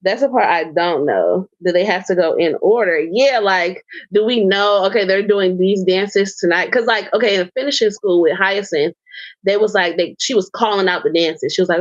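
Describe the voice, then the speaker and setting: A woman co-hosts a podcast, recapping a show in loose, casual chat full of fillers, swearing and laughing as she rambles. Her voice is medium-pitched and her pace moderate. The audio is dull, with no room sound.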